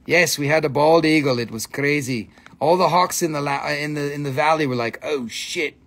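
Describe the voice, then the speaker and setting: A man with a voice on the high side talks fairly quickly while hosting a livestream selling minerals. He's excitable, jokes around with viewers, and swears freely in casual chat.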